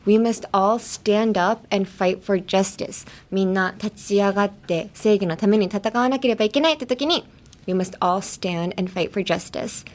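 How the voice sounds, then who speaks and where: A woman's voice: mid-range voice, brisk. Casting: woman, podcast English teacher, casual and chatty, mid-range voice, switches languages easily. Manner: chatty, laughs often, slips between English and Japanese. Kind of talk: bilingual casual lesson.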